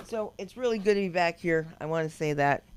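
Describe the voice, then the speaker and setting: A woman's voice: fairly low pitch, fairly quick, slight background noise. An older woman doing open-mic stand-up, telling brash, rambling stories and acting out quotes. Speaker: stand-up comedian. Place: comedy club stage.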